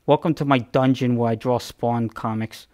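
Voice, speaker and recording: A man's voice: mid-range voice, steady tone, normal speed, dark tone, close to an everyday voice. A man voicing an awkward, lisping male comic creator who hosts dramatic intros with urgent rhetorical questions. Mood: melodramatic. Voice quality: lisp. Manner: melodramatic announcer cadence with urgent rhetorical questions. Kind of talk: mock TV-intro impression.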